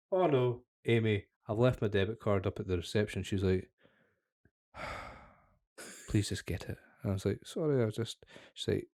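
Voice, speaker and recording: Low-voiced man telling a sweary story. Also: normal speed, darkish tone, no room sound, clean studio sound. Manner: swears freely, tells a long anecdote with acted-out quotes. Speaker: podcast co-host. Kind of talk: casual chat, storytelling.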